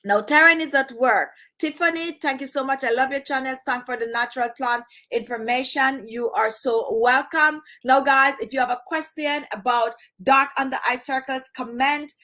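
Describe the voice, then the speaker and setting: A woman's voice: high voice, normal speed, hardly any pauses, pushed and bright. A woman from Jamaica with a Jamaican accent, hosting her beauty channel in casual chat to camera, dropping her H sounds and repeating phrases for emphasis.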